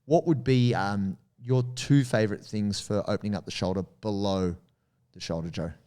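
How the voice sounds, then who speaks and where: A man's voice: lowish voice, normal speed, dark tone, clean tone. A man with an Australian accent, co-hosting a podcast and explaining training advice in a coaching, explanatory tone, speaking directly to listeners. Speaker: podcast co-host. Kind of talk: casual podcast chat giving training advice.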